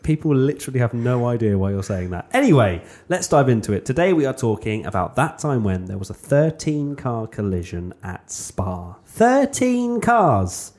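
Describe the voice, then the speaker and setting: A man's voice: mid-range voice, expressive, normal speed, hardly any pauses, darkish tone. A man hosting a podcast, teasing his co-hosts in a playful, bouncy way. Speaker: podcast host. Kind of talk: casual podcast chat.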